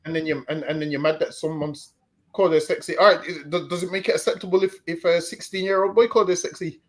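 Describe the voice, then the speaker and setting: Man, high voice, stream host, casual chat, repeats words as he talks. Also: steady tone, fast talker. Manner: stammering repetitions, easygoing.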